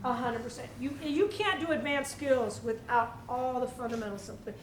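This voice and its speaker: High-voiced woman teaching a drum clinic. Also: normal speed, slight background noise. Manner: energetic, asks the room questions and demonstrates. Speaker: percussion clinician. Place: school hall with students. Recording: echoey hall, mic at a distance, drumming behind.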